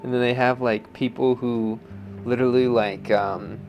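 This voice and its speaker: A man's voice: medium pitch, steady tone, normal speed, dull audio, music in the background. A man who makes pottery, chatting in a rambling, joking way with lots of fillers. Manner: rambling, filler-heavy, jokey. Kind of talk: casual interview chat.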